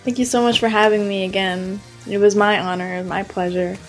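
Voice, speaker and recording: A woman's voice: medium pitch, flat delivery, fairly quick, soft background music. An eighteen-year-old woman guest on a podcast, speaking frankly and emphatically with lots of "like" and "um". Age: teens. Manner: frank, emphatic, filler-heavy. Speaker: interview guest. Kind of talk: casual interview talk.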